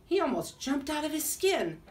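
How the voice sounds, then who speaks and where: A woman's voice: sits high, very animated, moderate pace, voice pushed up. A woman doing a teasing little ornament man. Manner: mocking, giggly teasing. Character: small teasing male Christmas ornaments. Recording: voice from a distance.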